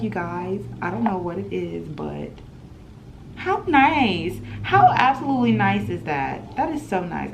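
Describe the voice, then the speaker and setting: A young woman in her twenties telling an animated storytime in a home vlog, chatty and full of laughs. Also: fairly low pitch, vocal fry, background noise. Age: 20s. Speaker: vlogger.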